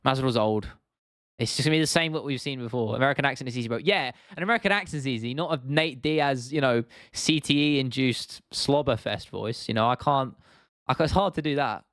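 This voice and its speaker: A man's voice: mid-range voice, brisk, a bit bright, clear, resonant tone, no echo, studio quality. A young British man in his twenties, hosting a casual livestream, chatting loosely with viewers, swearing and calling them "bro". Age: 20s. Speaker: livestream host. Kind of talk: casual livestream chat reading viewer comments.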